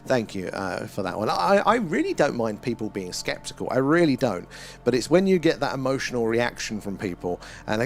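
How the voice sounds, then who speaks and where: Gravelly middle-aged man hosting a stream. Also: mid-range voice, very animated, brisk, a little hiss or hum. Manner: chatty and rambling, laughs often, trails off with fillers. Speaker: live stream host. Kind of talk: casual live stream chat, reading viewer comments.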